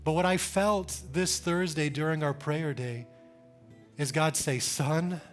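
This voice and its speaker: A pastor in his thirties preaching a sermon in church, speaking with slow emphasis, repeating phrases and building to urgent calls. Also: a little high, faint music behind.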